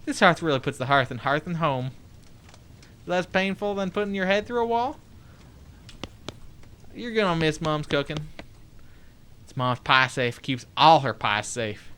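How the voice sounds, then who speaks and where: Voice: medium pitch, lively intonation, moderate pace, long pauses, a bit bright, a little hiss or hum. A let's play host giving casual gameplay commentary, reading game text aloud with joking asides, chatting to viewers, swearing and laughing now and then.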